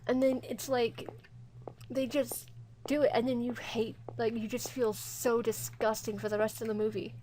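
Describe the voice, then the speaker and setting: High-voiced woman playing a horror game. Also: little pitch movement, moderate pace, mellow, slight background noise. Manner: emotional, talks to viewers, reads game text aloud. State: near tears. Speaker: gaming YouTuber. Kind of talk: let's play commentary.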